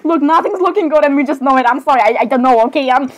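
A woman's voice: high voice, racing, poor audio. A woman doing a rambling comic voice-over for cartoon characters, apologizing over and over and breaking into jumpy squeals.

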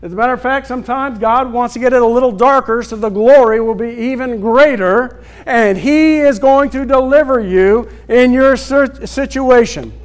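A male pastor preaching a sermon, acting out scripture scenes and calling out to the congregation for responses. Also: very high voice. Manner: preaching with call-and-response asides; acts out scripture scenes in quick bursts.

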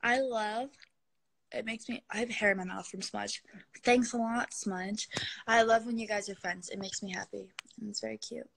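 This social media star speaks at normal speed in a medium-pitched, steady, fairly bright voice with vocal fry. Live streaming from her phone, the young woman gushes and giggles with fans, now and then cooing at her cat.

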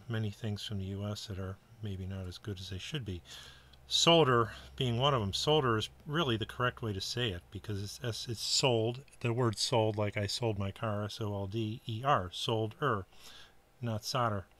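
Middle-aged american guy from buffalo, bright kinda forward voice, easygoing rambly workbench talk. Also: mid-range voice. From Buffalo, New York area, US. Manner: chatty, rambling asides with fillers. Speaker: kit-building hobbyist. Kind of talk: casual workbench narration.

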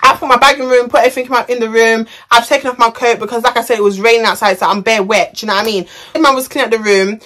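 A woman's voice: on the high side, steady tone, rapid-fire, few pauses, a bit bright. A young woman telling a story on her vlog in a chatty, slangy, rambling way. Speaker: vlogger.

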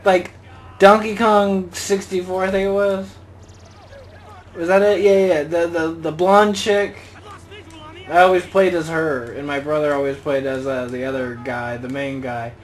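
A man's voice: fairly high pitch, fairly even intonation, measured pace, low-quality recording. A young man giving casual gameplay commentary as a channel host, rambling and joking and muttering exclamations to himself.

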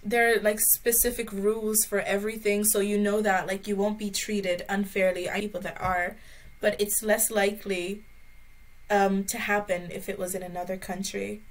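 A young woman from Brazil, a guest chatting casually in an interview, with a mixed American and Irish-sounding accent and a giggly, animated manner. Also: medium pitch, normal speed, rough recording. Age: young adult.

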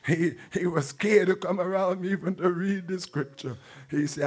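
An older man preaches a fervent testimony sermon in a church sanctuary, repeating exclamations as he goes. His voice sits high and he keeps a moderate pace.

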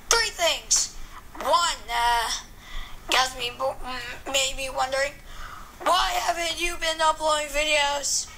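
A woman's voice: sits high, pushed and bright, slight background noise, poor audio. A woman hosting her own channel, chatting casually and jokily with many filler sounds. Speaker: channel host. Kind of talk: casual vlog chat.

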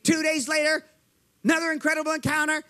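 A man's voice: very high voice, flat delivery, quick pace, pushed and bright. A man preaching a fervent sermon, telling his testimony, calling to the crowd and acting out the voices in his story.

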